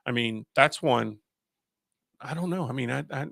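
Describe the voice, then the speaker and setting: A man's voice: mid-range voice, normal speed, fairly bright tone, no echo, clean studio sound. A man hosting a radio show in casual chat, rambling through stories with restarts and laughs. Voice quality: gravelly. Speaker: radio host.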